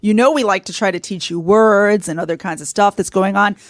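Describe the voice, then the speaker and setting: Woman co-host, chatty teacher tone, medium pitch, dry close recording. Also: a little fast, dry recording. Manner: teasing, explanatory. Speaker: podcast co-host. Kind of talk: casual chat.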